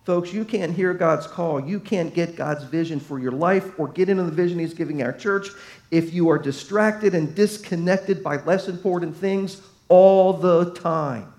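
A man preaching to his church in a high, light voice. He speaks with emphasis, pushing key lines louder and letting others fall soft. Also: normal speed. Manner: emphatic preaching, voice swelling and dropping, acting out crowd quotes. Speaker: pastor. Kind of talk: sermon.

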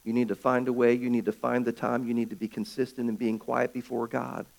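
A man preaching a sermon as pastor of his church, swinging from loud calls to hushed, quiet stretches. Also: medium pitch, little pitch movement, brisk, creaky.

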